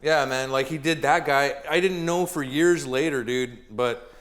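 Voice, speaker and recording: A man co-hosting a comedy podcast in relaxed chat, halting with ums and calling people dude and man. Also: mid-range voice. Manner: laid-back, says dude and man a lot, halting with ums. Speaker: producer and co-host.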